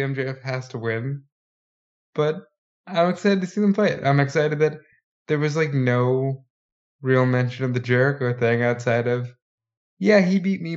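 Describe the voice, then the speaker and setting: A man co-hosting a casual wrestling podcast, talking with excitement and acting out the wrestlers he quotes. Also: medium pitch, dull audio. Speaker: podcast co-host.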